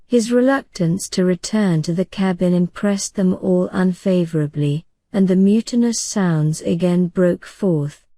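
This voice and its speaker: A woman narrating an audiobook in a calm, soothing bedtime reading style. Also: lowish voice, unhurried, few pauses, no echo.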